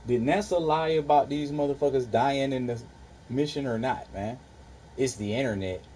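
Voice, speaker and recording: A man's voice: mid-range voice, normal speed, dark tone, slight background noise, low-quality recording. A young man casually livestreaming, arguing with his chat in a profane, dismissive way.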